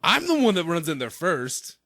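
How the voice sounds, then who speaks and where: A man co-hosting a podcast in casual chat, low-key and agreeable, mostly backing up the host. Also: huge pitch swings, normal speed, bright, forceful tone, no room sound.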